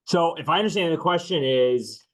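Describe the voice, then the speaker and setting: A man who works as a chief financial officer, speaking on a webinar panel in a measured, candid way, with dry humor and some filler "um"s. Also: on the high side, low-quality recording.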